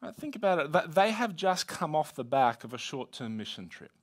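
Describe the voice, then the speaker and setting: A man's voice: a little high, very animated, a little fast. A man preaching a conversational sermon, teaching a Bible passage with playful asides.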